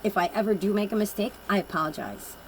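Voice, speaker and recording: A woman's voice: medium pitch, fast, a little hiss or hum, poor audio. A woman giving a casual oracle card reading, telling personal stories in a blunt, rambling and emphatic way.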